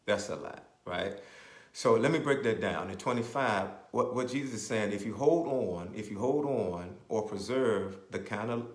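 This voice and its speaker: Roomy-sounding preacher man, lower voice. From Maryland, US. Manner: repeats phrases, punctuates with "right?", slows down to explain scripture. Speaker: bishop and radio preacher. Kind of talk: sermon. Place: church. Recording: roomy echo.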